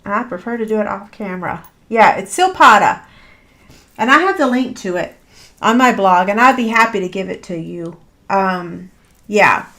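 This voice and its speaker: A woman's voice: medium pitch, expressive, normal speed, a bit bright. Chatty woman teaching a papercraft tutorial. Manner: chatty and self-deprecating, many fillers. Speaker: paper craft instructor. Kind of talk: live crafting tutorial.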